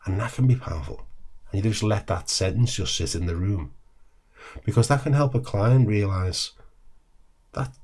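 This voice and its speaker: A man with a low, slightly husky voice teaches counselling techniques straight to camera. He talks in a relaxed, conversational way and keeps checking in with his listeners. The recording sounds close to the mic. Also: moderate pace. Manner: conversational, often checks in with "all right?". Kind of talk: direct-to-camera teaching talk.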